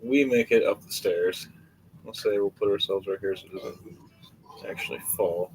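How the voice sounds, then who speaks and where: A man narrating a tabletop adventure as game master, with a somewhat low voice. He rambles and swears with excitement as he tells the scene. Faint ambient noise sits behind him. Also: moderate pace, poor audio. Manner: rambling, excitable, profane storytelling.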